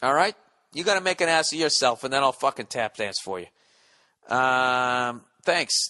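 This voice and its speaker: A man's voice: medium pitch, normal speed, sharp tone. Profane, sarcastic male podcast host. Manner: profane, sarcastic, self-mocking rants. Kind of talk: rambling solo podcast, reading listener mail.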